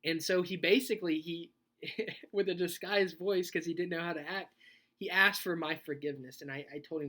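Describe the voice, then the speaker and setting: A man speaking as a youth pastor in a sermon video. He talks in a conversational, animated way and tells a personal story, laughing as he goes. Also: on the high side, normal speed. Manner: conversational, animated, laughs while telling stories.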